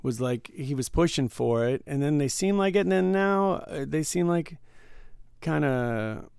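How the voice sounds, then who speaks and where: A man co-hosting a casual podcast, telling a work story in an animated way and acting out the quoted lines. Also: on the high side, a little slow, creaky, smooth, no echo, clean studio sound. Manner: animated, acts out quoted dialogue. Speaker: podcast co-host, casino worker.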